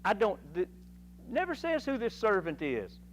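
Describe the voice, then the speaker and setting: A man teaching a Sunday school Bible lesson in a folksy, animated way, acting out voices from the story. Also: sits high, moderate pace, a little hiss or hum, low-quality recording. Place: church classroom.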